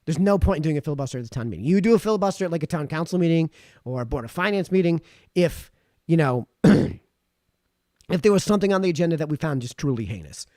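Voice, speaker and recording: A talkative man with a fairly high voice hosts a live stream, reading viewer comments aloud and rambling on between them. His throat sounds sore after hours of talking, and the sound is close and dry with no room echo. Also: fast. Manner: chatty, rambling, animated. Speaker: livestream host.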